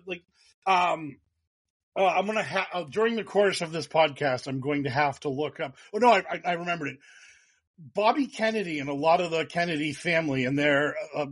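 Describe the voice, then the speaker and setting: A man hosting a casual political podcast, talking in an animated, profane and sarcastic way. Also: fairly high pitch, husky. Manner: animated, profane, sarcastic, mocks others in put-on voices. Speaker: podcast host.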